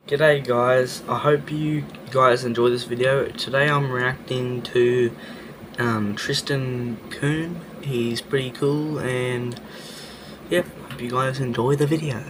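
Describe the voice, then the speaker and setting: Slow, rambling Australian guy. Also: medium pitch, a little hiss or hum. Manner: rambling, self-deprecating, trails off quietly. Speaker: reaction channel host. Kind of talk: casual reaction vlog.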